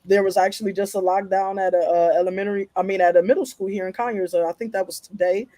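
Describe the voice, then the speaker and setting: A parent on a podcast panel speaking earnestly and haltingly, with frequent fillers. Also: mid-range voice, fairly even intonation, dark tone, dry recording.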